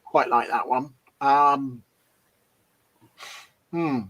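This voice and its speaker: A man's voice: mid-range voice, steady tone, extremely slow, fairly bright tone, lo-fi sound. A man co-hosting a hobby livestream, chatting casually and hesitantly with several restarts. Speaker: livestream co-host. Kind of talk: casual chat.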